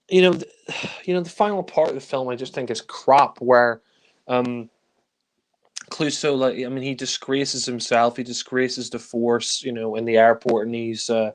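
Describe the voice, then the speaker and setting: Blunt man reviewing films, sighing. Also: mid-range voice. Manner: blunt and critical, with frequent sighs and fillers. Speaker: film reviewer. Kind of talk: casual spoken film review.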